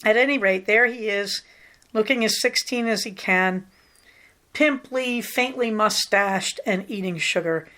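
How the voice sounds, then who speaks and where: A middle-aged woman hosts her podcast in a relaxed, rambling way, full of affection for what she talks about. Her voice sits at an ordinary pitch for a woman, neither high nor low. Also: unhurried. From Southern California. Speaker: podcast host. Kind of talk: casual chat.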